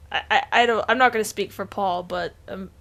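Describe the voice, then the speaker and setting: A woman's voice: mid-range voice, fairly bright tone. A young woman co-hosting a casual gaming podcast, rambling with lots of fillers and giggles. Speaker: podcast co-host.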